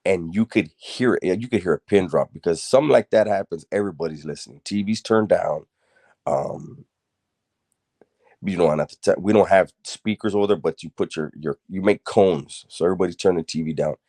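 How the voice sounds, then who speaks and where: A man's voice: sits low, brisk, darkish tone, dry recording, studio quality. A middle-aged man telling a story casually, streetwise and blunt, rambling with fillers and restarts and swearing freely.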